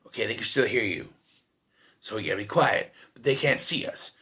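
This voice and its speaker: Lively, bright-voiced man ranting about a film. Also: mid-range voice, normal speed. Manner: rambling, exasperated, swears freely. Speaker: movie reviewer. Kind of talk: casual spoken film review.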